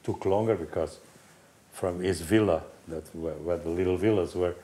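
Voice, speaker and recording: An older man from Portugal with a Portuguese accent, animatedly telling racing anecdotes in halting, restarting speech. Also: low-pitched, warm tone. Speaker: guest storyteller, former racing team manager.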